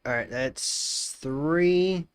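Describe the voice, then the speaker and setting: A man's voice: a little high, extremely slow, clean tone, no echo. An Australian man live-streaming, casually greeting chatters and thinking aloud while he works, often repeating his phrases.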